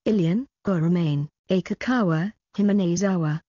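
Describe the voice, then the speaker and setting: A woman reading a fantasy web story aloud in a plain, even narration, on a dull, dry recording. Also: lowish voice, moderate pace, dry recording. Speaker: audiobook narrator.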